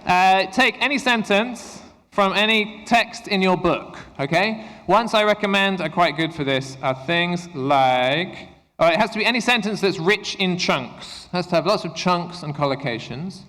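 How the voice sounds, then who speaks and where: A man presenting an interactive workshop for English teachers, upbeat and encouraging as he gives quick instructions. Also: sits high, sharp tone. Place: conference room at a university. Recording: echoey hall with long reverb.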